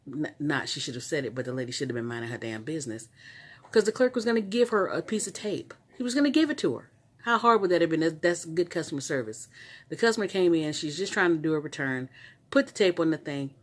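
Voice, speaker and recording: An adult vlogger recounts a frustrating errand in an animated, exasperated rant, often tripping over their words and starting sentences again. The voice sits at an ordinary middle pitch and the talk is loose and conversational. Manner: animated, exasperated storytelling with frequent restarts. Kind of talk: casual story-time rant.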